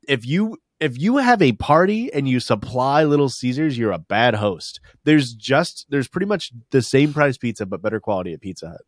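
A man's voice: medium pitch, big pitch swings, normal speed, hardly any pauses, dry recording, studio quality. A man co-hosting a podcast, rambling through profane jokes and laughing at his own bits. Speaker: podcast co-host. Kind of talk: casual comedic chat.

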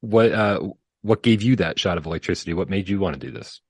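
A man's voice: deep voice, fast, husky, no echo, clean studio sound. A man interviewing two guests, eager and rambling with fillers as he asks his questions.

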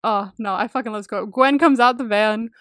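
A woman's voice: fairly high pitch, a little fast, fairly bright tone, dry recording, studio quality. A woman co-hosting a podcast, casually recapping a favorite film with lots of enthusiasm, laughter and the odd swear word. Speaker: podcast co-host. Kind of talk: casual movie recap chat.

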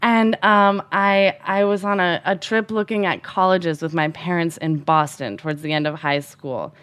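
Animated woman telling a personal story. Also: lowish voice, normal speed, clean tone.

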